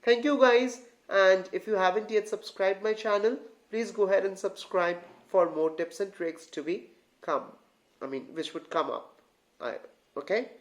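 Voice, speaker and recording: An English tutor explains reading comprehension to online learners in a middle-pitched voice. The tutor often stops to ask whether the viewers follow and calls them guys. Phrases get repeated and restarted along the way. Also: normal speed. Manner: keeps checking in with the viewers. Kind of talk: online grammar lesson.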